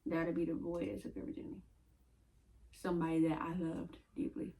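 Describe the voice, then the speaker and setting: A woman's voice: fairly low pitch, flat delivery, brisk, gravelly, warm tone, distant mic. A young woman telling a casual storytime, slangy and conversational, acting out quoted dialogue. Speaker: storyteller vlogger. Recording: voice a bit off-mic with faint room noise.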